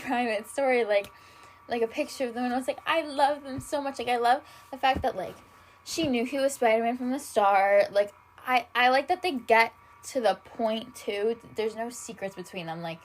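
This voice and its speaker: A woman's voice: a little high, low-quality recording. A young woman hosting a solo podcast, rambling in casual chat with constant fillers and frequent swearing. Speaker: podcast host. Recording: faint background noise.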